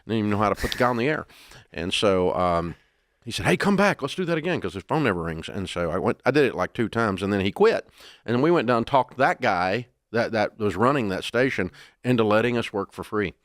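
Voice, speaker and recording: An older man as an interview guest, telling stories in a folksy, animated way. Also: lowish voice, brisk, dry recording, clean studio sound. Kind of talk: storytelling interview.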